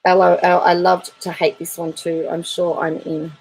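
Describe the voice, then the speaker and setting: A woman's voice: fairly low pitch, flat delivery, moderate pace, a little mellow, breathy edge, poor audio. A woman YouTube commentator reading viewer comments aloud in a chatty, wry way, laughing between them.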